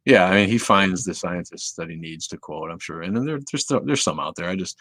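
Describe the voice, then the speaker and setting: A man's voice: sits low, animated, brisk, a bit bright, no room sound. A man hosting a casual livestream, reading viewer comments and rambling profanely, often trailing off into mumbles. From Southeast Wisconsin. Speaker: livestream host.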